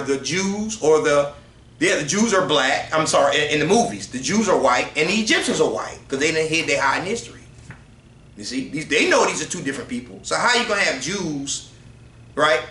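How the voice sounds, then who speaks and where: A man's voice: fairly high pitch, pushed and bright, roomy sound, slight background noise. A man leading a religious group study, reading passages aloud and explaining them in a loose, conversational way, often checking in with "right?".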